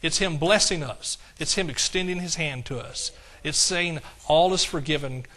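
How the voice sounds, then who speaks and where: An older man preaching with a high, bright voice. His delivery is fervent and emotional, and he keeps calling out to his congregation for responses. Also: normal speed. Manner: emotional, fervent preaching with audience call-outs. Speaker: pastor. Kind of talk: sermon.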